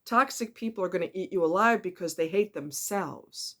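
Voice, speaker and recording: Woman, casual monologue, emphatic, repeats words, animated delivery. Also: lowish voice, moderate pace. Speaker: relationship commentator.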